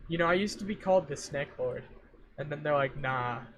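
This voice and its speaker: A man's voice: on the high side, fairly quick. A young man streaming live, rambling and joking with his chat while he sets up his audio. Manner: rambling, jokey, talks to himself and chat. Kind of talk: casual rambling livestream chat. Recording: faint fan noise behind a home mic. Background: fan running.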